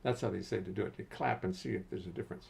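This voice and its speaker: A man's voice: sits low, rapid-fire, creaky, heavy background noise. An older man casually hosting a livestream from his home studio, greeting viewers by name and muttering to himself as he adjusts settings.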